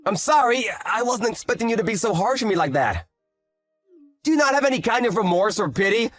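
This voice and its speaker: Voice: medium pitch, sing-song, fairly quick, no echo, natural voice. Someone acting out a whiny husband in his late thirties, caught cheating and pleading defensively in a voiced story drama. Faint music plays under the voice.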